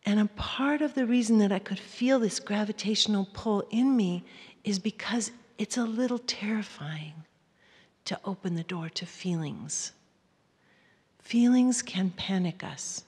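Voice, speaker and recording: A woman giving a live talk to an audience, gentle and often dropping to a soft near-whisper. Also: medium pitch, lively intonation, a little slow, husky. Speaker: workshop speaker. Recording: hall reverb.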